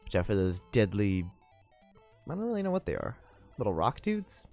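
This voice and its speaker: A man's voice: on the low side, huge pitch swings, normal speed, gravelly, a little mellow, soft background music. A man co-hosting a casual gaming chat, joking and teasing, rambling with lots of fillers. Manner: joking, teasing, laughs often. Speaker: let's play co-host.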